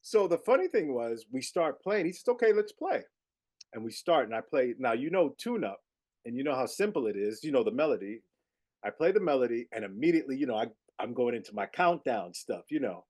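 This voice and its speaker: Middle-aged male musician guest with an average-pitched voice, animated anecdotal delivery. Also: a little fast. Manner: animated storyteller, peppered with "you know". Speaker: guest jazz saxophonist. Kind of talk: casual storytelling interview.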